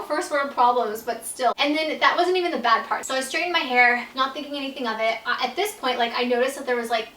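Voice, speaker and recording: A woman's voice: sits high, pushed and bright, recorded from a distance, a little hiss or hum. A young woman telling a casual storytime to her vlog audience, peppering every phrase with "like" and swearing freely. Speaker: YouTuber telling a personal story. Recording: roomy echo, voice set back from the mic.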